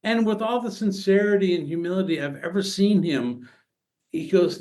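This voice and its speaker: Man telling stories in halting bursts. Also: sits high. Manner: halting, many restarts and fillers, animated retelling. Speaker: podcast guest. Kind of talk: casual storytelling conversation.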